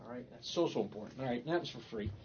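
A man's voice: medium pitch, lively intonation, rapid-fire, muffled recording, crowd noise. A man pastor teaching a Bible study, emphatic and repeating phrases for stress. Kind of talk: teaching sermon.

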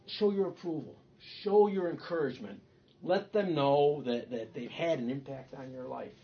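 A man with a husky, slightly high voice preaches a teaching sermon. He stresses points by repeating phrases. The recording sounds dull and lo-fi. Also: normal speed. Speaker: pastor leading a Bible study.

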